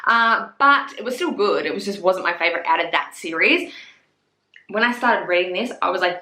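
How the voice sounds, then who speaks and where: A woman's voice: medium pitch, lively intonation, normal speed, bright, forceful tone, echoey room. A woman chatting casually as a book reviewer, gushing and swearing freely. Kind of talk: casual chat.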